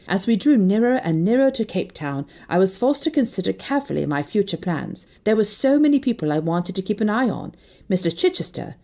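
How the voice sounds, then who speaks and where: Warm, expressive woman audiobook narrator. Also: medium pitch. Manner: expressive, lively character voicing. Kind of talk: scripted first-person novel narration.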